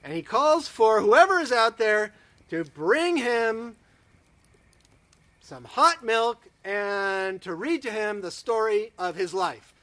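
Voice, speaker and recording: A man, a rabbi, telling a story to students in a dramatic, expressive way. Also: high voice, slow pace.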